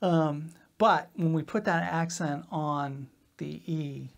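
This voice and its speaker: A woman drum teacher explaining rudiments in a relaxed, casual way, often checking in with "right?". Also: low-pitched, takes it slowly. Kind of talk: casual instructional talk.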